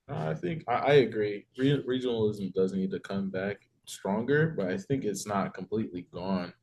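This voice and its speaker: A man's voice: lowish voice, lively intonation, moderate pace, darkish tone, a little hiss or hum. A man from Detroit co-hosting a podcast, easygoing and agreeable in casual chat. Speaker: podcast co-host.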